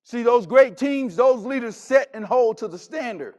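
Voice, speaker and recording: A Texan man gives a motivational keynote in a high, darkish voice, telling personal stories emphatically and acting out each exchange with the force of a practiced stage speaker. His intonation is lively and his pace moderate, and his manner is dramatic throughout.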